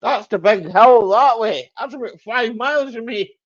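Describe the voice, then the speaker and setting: A man's voice: very high voice, a little slow, dull audio. A man hosting a casual live chat stream, joking and laughing a lot as he answers viewers. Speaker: livestream host.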